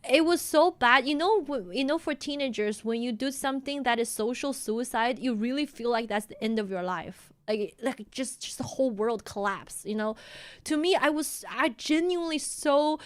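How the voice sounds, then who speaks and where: A woman's voice: high voice, lively intonation, moderate pace. A young woman from China, telling a story casually on a stream and laughing often.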